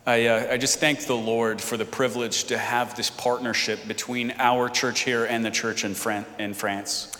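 A man's voice: medium pitch, little pitch movement, normal speed, few pauses, bright, forceful tone. A man leads a congregation in prayer, his earnest phrasing circling back on itself and dotted with fillers. His voice sits in a middle range for a man. Long reverb from the church sanctuary trails each line. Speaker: pastor and interpreter. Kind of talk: congregational prayer and live interpreting.

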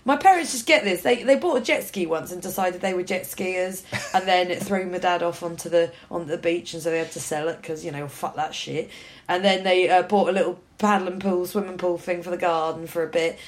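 A woman from Norfolk in her thirties, co-hosting a podcast and telling a story in an animated, casual way, swearing freely and slipping into voices for her parents. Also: on the low side, brisk. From Norfolk, England. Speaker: podcast co-host. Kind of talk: casual chat.

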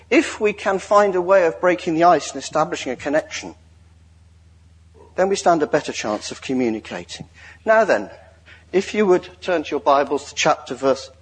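A man giving a sermon in a joking, lively way, drawing the congregation into an exercise. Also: fairly high pitch, slightly rough. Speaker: lay preacher. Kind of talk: sermon with audience participation.

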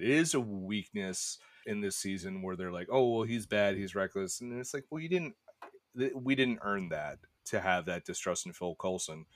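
A man's voice: low-pitched, no room sound, studio quality. A man in a casual review podcast, talking enthusiastically and animatedly and swearing casually.

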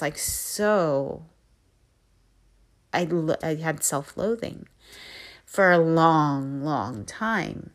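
A woman with a lowish voice speaks slowly and unhurriedly, sharing personal reflections as a podcast host. She talks softly and candidly, pausing and circling back as she searches for the right words. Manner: soft-spoken, candid, searching for words with many pauses.

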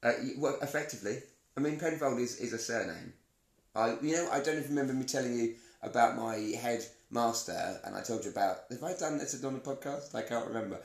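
A man's voice: mid-range voice, a little fast, gravelly. A man hosting a podcast in casual chat, rambling and playful, often cutting himself off. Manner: rambling, self-interrupting, playful. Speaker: podcast host. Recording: roomy echo.

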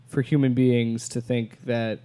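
A man's voice: medium pitch, little pitch movement, a little slow, warm tone, clear, resonant tone. A man hosting a casual podcast chat, talking with many hesitations and restarts. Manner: hesitant, restarts, reads quotes aloud. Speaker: podcast host.

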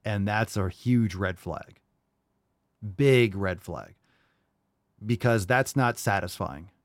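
Blunt low-voiced man giving advice. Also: slow, no room sound, clean studio sound. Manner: blunt, rambling, direct coaching. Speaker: podcast host answering caller questions. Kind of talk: casual advice talk.

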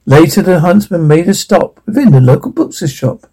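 A man's voice: high voice, husky, rough recording. A man playfully reading a rhyming fairy tale aloud to children. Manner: playful, expressive. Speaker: storyteller.

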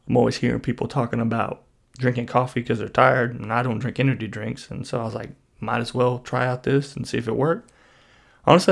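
A man vlogging, telling a meandering comic story in a laid-back deadpan way. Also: mid-range voice, gravelly. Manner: meandering, deadpan, lots of "you know".

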